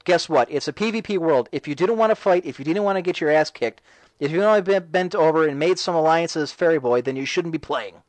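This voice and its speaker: A man's voice: fairly high pitch, fairly quick, dry recording, low-quality recording. A man hosting a casual talk radio show, reading and answering chat messages in a sarcastic, ranting way.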